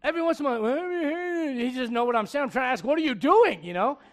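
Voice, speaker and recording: High-voiced preacher telling funny stories. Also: male voice, fast. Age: adult. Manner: animated storytelling, acting out dialogue, laughing. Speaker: pastor. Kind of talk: sermon.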